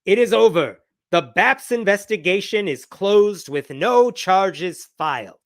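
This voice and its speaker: A man's voice: sits high, expressive, measured pace, fairly bright tone, heavily acted. A man with a put-on Indian accent voicing an indignant woman executive, reading her triumphant statement in a mock-solemn, declaiming way. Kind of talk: mocking read-out of a quote.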